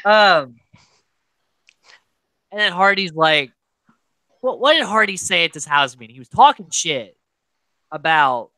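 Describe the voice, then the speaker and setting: A man with a bright, forward voice hosts a casual podcast chat, retelling reality-show moments with animated energy. The sound is close and dry, with no room around it. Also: fairly high pitch, normal speed, pauses often, no room sound, poor audio. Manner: animated, quotes people in put-on voices. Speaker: podcast host.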